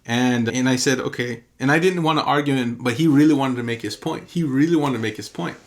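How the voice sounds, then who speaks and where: A man's voice: mid-range voice, fast talker. A man, a pastor, teaching in an earnest and emphatic sermon style, telling a story and repeating key phrases for emphasis.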